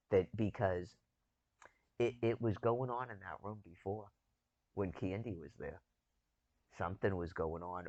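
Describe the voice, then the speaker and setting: A man's voice: low-pitched, vocal fry, a little mellow, slightly rough, no room sound, muffled recording. A man in casual chat, rambling and chuckling as he talks, with loose, profane phrasing.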